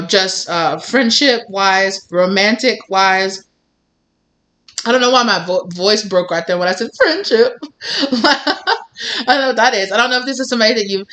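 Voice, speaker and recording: A woman reads tarot for her viewers in a loose, chatty way. She rambles and circles back, filling her talk with "like" and "you know." Her voice sits at an ordinary middle pitch. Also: pushed and bright. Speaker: tarot reader. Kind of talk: casual tarot reading to viewers.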